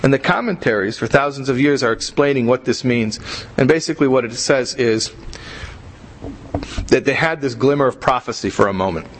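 A man's voice: mid-range voice, expressive, fairly quick, a little hiss or hum, poor audio. A man teaching a religious class in a conversational way, repeating himself and asking rhetorical questions. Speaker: Torah teacher.

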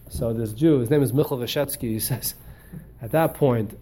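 A man teaching a religious class, telling stories in an animated way and often repeating words as he hunts for the phrase. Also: a little high, fairly quick. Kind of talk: storytelling lecture.

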